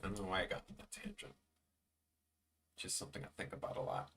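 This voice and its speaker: Young male streamer, rambling and self-deprecating, bright tone, sits back from the mic. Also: sits low, wildly swooping pitch, fast, vocal fry, recorded from a distance. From Chicago, USA. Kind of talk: casual chat while drawing on stream.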